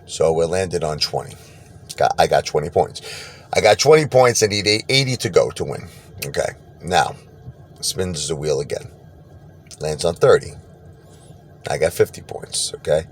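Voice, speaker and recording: A man telling a personal story casually, animated, laughing and acting out what people said. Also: sits low, normal speed, long pauses, a little hiss or hum. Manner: animated, laughs and acts out quotes.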